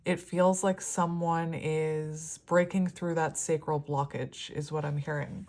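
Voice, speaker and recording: A woman's voice: lowish voice, a little slow, few pauses, a little mellow. A woman giving a casual, rambling tarot reading, her words slightly slurred. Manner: rambling, chatty, laughs often. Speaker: tarot reader.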